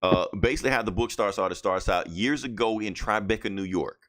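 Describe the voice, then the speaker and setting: Male podcast co-host, lower voice, relaxed and conversational, laughs easily. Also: fairly quick. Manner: easygoing, reacts with laughs and short comments. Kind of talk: casual comic book chat.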